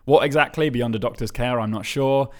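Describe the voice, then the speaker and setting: A man's voice: medium pitch, a little fast, darkish tone. A man co-hosting a podcast, reading listener emails aloud in casual chat, wry and often chuckling. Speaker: podcast co-host.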